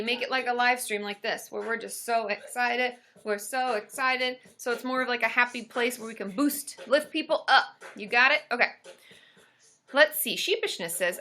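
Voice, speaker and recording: A woman therapist hosting a casual live stream, chatting upbeat and answering viewer questions with lots of quick asides. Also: fairly high pitch, bright, forceful tone.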